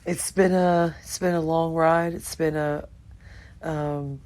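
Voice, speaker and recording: A woman's voice: low voice, little pitch movement, takes it slowly, a little mellow. An older woman talking to her viewers in a rambling, emotional monologue, swearing casually. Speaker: vlogger.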